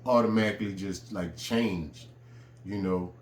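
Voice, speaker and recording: A man with a lowish voice tells a personal story in an easy, conversational manner, leaning on fillers as he goes. His voice rings with a roomy echo, and a faint hum of ambience sits behind him. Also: measured pace. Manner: relaxed, conversational, frequent fillers.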